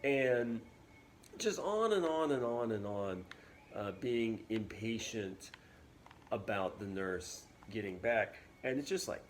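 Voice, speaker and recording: A male teacher explaining a play in a relaxed, chatty way, with plenty of fillers. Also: fairly low pitch, takes it slowly, a little hiss or hum. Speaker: English teacher. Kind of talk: casual classroom video lesson.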